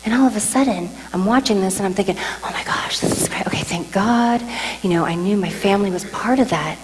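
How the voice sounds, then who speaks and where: A woman speaks to a live audience about a deeply personal experience, turning to them with questions and sometimes sinking to a hushed whisper. Her voice carries with a long hall reverb, and a faint mains hum runs underneath. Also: quick pace. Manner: animated, addresses the audience with questions, drops to whispers. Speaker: speaker telling a near-death story to an audience. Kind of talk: emotional testimony talk.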